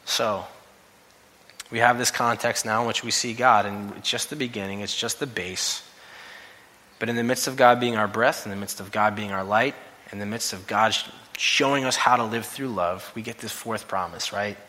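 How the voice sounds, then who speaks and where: A man preaching a sermon, telling stories and rising to loud, emphatic quotes. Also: on the low side, moderate pace. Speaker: pastor. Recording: long reverb of a hall.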